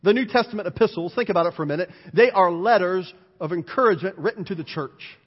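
High-voiced, husky preaching pastor. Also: male voice, fast. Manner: animated, emphatic preaching with repeated lists. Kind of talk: sermon. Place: church sanctuary. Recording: dull, hall-reverberant church recording.

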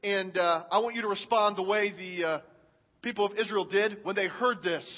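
A man preaching a sermon to his church, reading scripture with animated, dramatic swings in loudness. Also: high voice, moderate pace. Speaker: pastor. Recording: dull sound with long hall reverb.

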